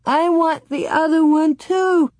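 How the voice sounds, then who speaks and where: A woman's voice: medium pitch, moderate pace, warm tone, slightly rough, no room sound, close to an everyday voice. A woman voicing a small pioneer girl who pleads and sobs through her tears. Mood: sobbing. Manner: pleading, sobbing. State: crying.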